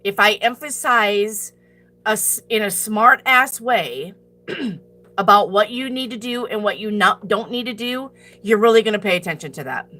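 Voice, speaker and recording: Blunt, bright-voiced woman scolding her chat. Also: medium pitch, measured pace. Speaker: tarot reader answering live chat. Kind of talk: blunt live-stream chat.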